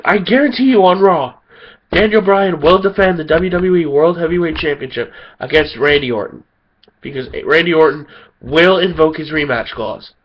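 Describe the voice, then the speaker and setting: A man rants with heated indignation, sounding tired and a bit sick. His voice sits fairly high for a man. The recording is dull and lo-fi. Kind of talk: angry opinion rant.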